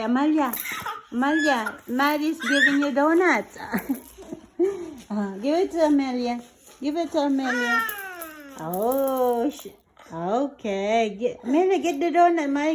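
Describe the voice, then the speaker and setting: A young woman talks slowly to toddlers in a high, coaxing sing-song voice, laughing often as she plays with them on the floor. A faint noise sits under her voice. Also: animated. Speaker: caregiver. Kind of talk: baby talk while playing.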